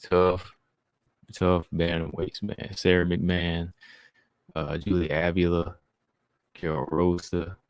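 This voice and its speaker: A man's voice: low voice, level tone, slow, long pauses, clean tone, no room sound. A man hosting a casual live stream, reading viewer comments and answering them in a chatty way. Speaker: livestream host reading chat.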